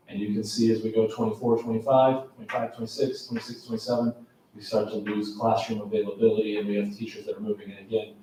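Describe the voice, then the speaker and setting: A man talks through slides at a school board workshop in an even, unhurried monotone, often pausing on an um. He is picked up from afar in a big, very reverberant meeting room, with faint room noise behind him. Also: on the low side. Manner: measured, steady, with frequent ums and restarts. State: has a cough. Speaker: school administrator presenting to a board. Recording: very echoey meeting room, distant mic.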